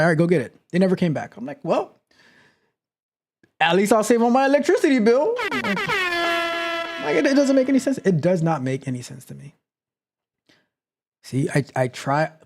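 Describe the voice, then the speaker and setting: A man hosts a live stream, chatting casually and telling stories. His voice sits a little high for a man and swings widely in pitch. He tends to repeat phrases for emphasis. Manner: animated storytelling, repeats phrases. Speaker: host. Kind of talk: casual livestream talk.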